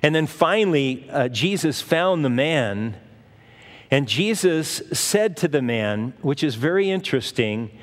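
A man's voice: fairly high pitch, expressive, unhurried. Man preaching in a reverberant hall. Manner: conversational preaching, acts out Bible voices. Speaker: pastor. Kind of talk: sermon.

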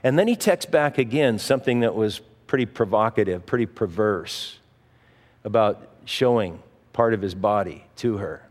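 A man's voice: on the low side, lively intonation, normal speed, big-room sound. A man preaching a sermon in a conversational way, mixing scripture with a personal story. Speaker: pastor.

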